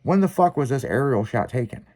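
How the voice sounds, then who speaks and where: A man hosting a podcast, telling a long story in casual, profanity-laced chat with lively, rambling delivery. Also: mid-range voice, a little fast. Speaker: podcast host.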